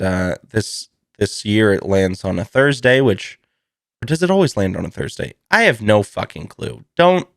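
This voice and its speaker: A man's voice: low-pitched, no room sound, studio quality. A man hosting a casual solo podcast, joking and swearing freely and laughing often. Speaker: podcast host.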